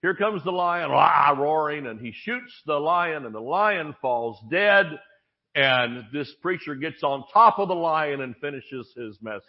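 Speaking at a measured pace in a fairly high pitch, a male pastor preaches, animating his stories with character voices and jokes. The audio is dull and lo-fi.

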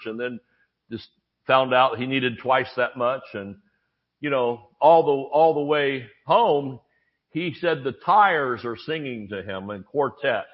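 A man preaching a sermon, telling stories with acted-out voices and jokes. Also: mid-range voice. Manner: storytelling preacher, animated, acts out voices and jokes. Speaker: pastor. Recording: dull lo-fi sermon audio.

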